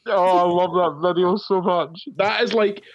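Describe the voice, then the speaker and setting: A man's voice: sits high, steady tone, moderate pace, dull audio. A Scottish man chatting casually on a podcast, laughing easily and talking with lots of fillers. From Scotland. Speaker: podcast co-host, tabletop game player. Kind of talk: casual chat.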